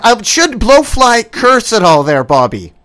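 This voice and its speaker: A radio host interviewing guests, calling out names with drawn-out emphasis. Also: mid-range voice. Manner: lively, drawn-out calls of the guest's name.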